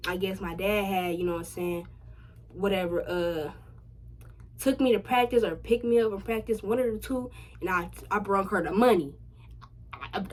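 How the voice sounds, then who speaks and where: A young adult woman telling a personal story to her viewers in a casual vlog, slangy and full of swearing, getting louder and higher when excited. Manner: chatty, slangy and profane, addressing viewers directly; animated, rising loud and high when excited. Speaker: vlogger.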